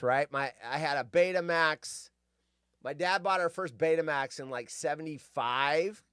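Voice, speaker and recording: A man's voice: a little high, fairly bright tone, clear, resonant tone, no echo, clean studio sound. A man in his fifties from California, hosting a show and telling rambling, nostalgic stories full of tangents. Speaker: show host. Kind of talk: casual rambling monologue.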